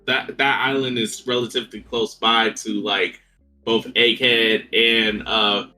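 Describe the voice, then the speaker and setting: A man's voice: fairly low pitch, level tone, unhurried, pushed and bright, faint music behind. A man co-hosting a podcast in casual chat, often hesitant and trailing off mid-thought. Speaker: podcast co-host.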